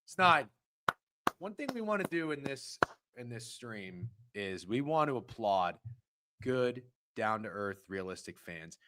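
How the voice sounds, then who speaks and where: A man co-hosting a casual sports stream, swinging between loud outbursts and muttered asides. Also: mid-range voice, big pitch swings, slow pace. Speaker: co-host of a sports betting stream. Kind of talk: casual profane sports chat.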